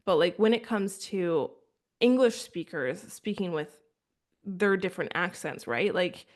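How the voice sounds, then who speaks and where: A woman's voice: lowish voice, a little slow. A woman in casual podcast conversation, a chatty storyteller who acts out what others said. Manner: chatty storyteller, quotes people in animated asides. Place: rural France.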